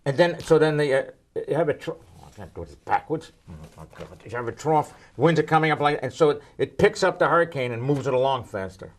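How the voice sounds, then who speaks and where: A man's voice: on the high side, fast, few pauses. An older man answering weather questions in a joking, rambling way, full of puns and asides. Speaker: weather expert guest.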